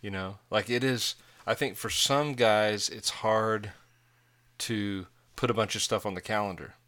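Co-host in his forties with a lowish, bright, forceful voice, rambling and self-mocking. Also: steady tone, measured pace. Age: 40s. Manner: rambling, self-mocking storyteller who often laughs. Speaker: podcast co-host. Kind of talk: casual chat.

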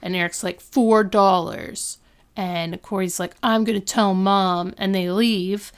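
A woman's voice: mid-range voice, fairly even intonation, moderate pace, clear, resonant tone. A woman casually recapping a TV episode, acting out the characters' lines as she retells the scenes. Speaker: podcast co-host recapping a TV episode. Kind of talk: casual chat.

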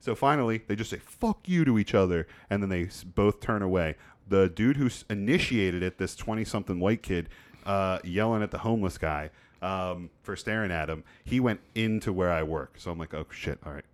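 A man's voice: sits low, normal speed. A man in his thirties casually telling a story on a podcast, swearing freely and acting out the people in it. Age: 30s. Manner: animated storyteller, swears often, acts out shouting in his stories. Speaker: podcast co-host. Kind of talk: casual chat.

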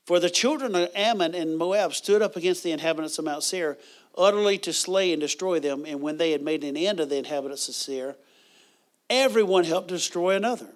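A man preaching a sermon in a conversational way, with bursts of loud praise and chuckles as he tells stories. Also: on the high side, a little fast. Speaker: pastor.

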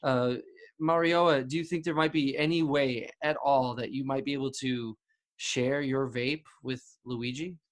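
A man's voice: mid-range voice, fairly even intonation, unhurried. Overly polite man hosting a mock talk show. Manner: overly polite, hesitant, with many restarts. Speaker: host of a parody advice show.

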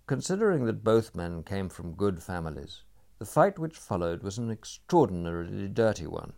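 Guy reading a novel aloud, real deep voice, gravelly, measured and a bit wry. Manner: measured, expressive reading with dry wit. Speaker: narrator. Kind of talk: audiobook narration of a novel.

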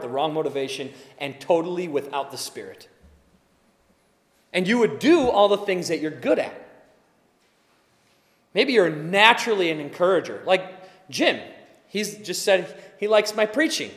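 A man in his forties preaching a sermon as pastor, animated, acting out little scenes and dropping to soft murmurs. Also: sits high, measured pace, pauses often, long reverb tail. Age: 40s.

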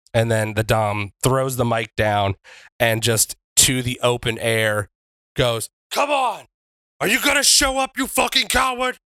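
A man's voice: medium pitch, gravelly, pushed and bright, no room sound, studio quality. A man voicing a brash, trash-talking male pro wrestler who speaks of himself in the third person. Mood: taunting. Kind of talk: in-character wrestling promo.

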